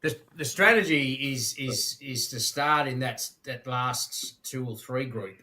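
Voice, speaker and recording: A man's voice: mid-range voice, measured pace, bright, forceful tone. A middle-aged man chatting on a podcast, asking questions and explaining with restarts. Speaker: podcast co-host. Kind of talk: casual chat.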